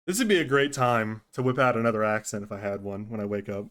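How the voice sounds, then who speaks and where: A man's voice: fairly low pitch, quick pace, a bit bright. A male streamer chatting casually during a roleplay stream, laughing and swearing freely.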